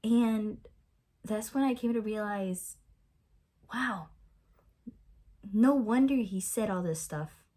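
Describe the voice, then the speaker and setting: Slow-talking young woman teaching Bible study. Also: mid-range voice, dark tone. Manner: unhurried, many fillers and restarts. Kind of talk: casual Bible study talk.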